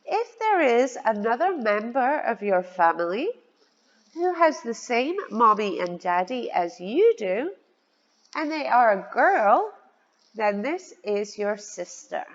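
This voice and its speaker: A woman teaching small children, her slightly high voice rising and falling in a sing-song way. She takes her time and spells words out letter by letter. The recording is dull and lo-fi, with a long reverb trailing behind her. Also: big pitch swings, takes it slowly. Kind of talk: children's vocabulary lesson.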